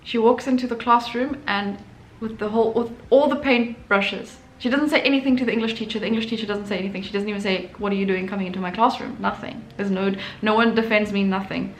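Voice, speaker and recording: A woman's voice: fairly high pitch, fairly quick, few pauses, slight background noise. Woman telling a story in an echoey room. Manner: animated, acts out quotes. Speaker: artist and channel host. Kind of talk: casual storytelling vlog.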